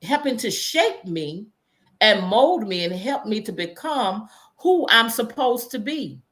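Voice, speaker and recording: A woman's voice: on the high side, sing-song, takes it slowly, a bit bright. A woman hosting a conversation, speaking reflectively, often restarting and repeating her words. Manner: reads out viewer comments. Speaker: host. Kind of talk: casual conversation.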